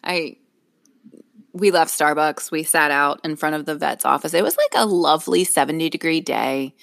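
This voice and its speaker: A woman's voice: sits low, normal speed, creaky, a bit bright, no echo, studio quality. A middle-aged woman co-hosting a podcast, telling a story in casual chat, laughing often and acting out what others said. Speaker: podcast co-host.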